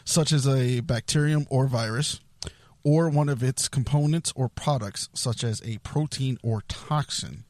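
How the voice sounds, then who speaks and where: A man's voice: mid-range voice, unhurried, a little mellow, dry recording. A man hosting a casual podcast, reading an article aloud and stumbling over long words. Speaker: podcast host.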